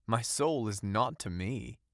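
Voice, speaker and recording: A man's voice: mid-range voice, expressive, slow, gravelly, a bit bright, no echo, clean studio sound, exaggerated voice. A man voicing an eager, naive young fisherman in an audiobook, raising his voice a little and talking earnestly. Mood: dismissive.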